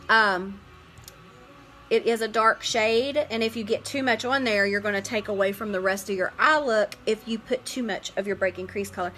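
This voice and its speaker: A middle-aged woman hosting a live makeup tutorial, chatting warmly with viewers, greeting them by name and sharing heartfelt stories as she works. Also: mid-range voice, rough recording.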